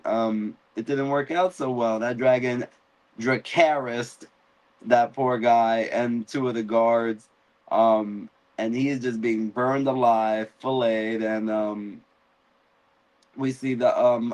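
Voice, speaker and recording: A man's voice: mid-range voice, fairly even intonation, unhurried, a little mellow, poor audio. A man hosting a casual live-stream recap, telling the story animatedly and acting out characters' lines. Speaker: podcast host.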